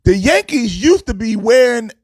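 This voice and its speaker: A man's voice: very high-pitched, expressive, normal speed, no echo. A man hosting a casual sports talk show, fired up and preachy, with a sing-song delivery.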